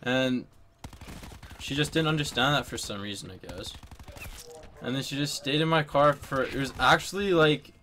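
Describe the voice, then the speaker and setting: A man's voice: medium pitch, moderate pace, pauses often, bright, forceful tone, slight background noise. Rambling young man telling a story. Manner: rambling, heavy on filler "like", swears a lot. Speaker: storyteller in a group chat. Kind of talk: casual story chat with friends.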